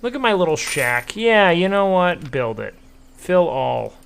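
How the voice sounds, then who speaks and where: A man's voice: high-pitched, big pitch swings, measured pace, vocal fry, a bit bright, a little hiss or hum. A young man streaming a game, chatting to viewers casually with profane, playful trash talk. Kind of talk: casual gameplay commentary.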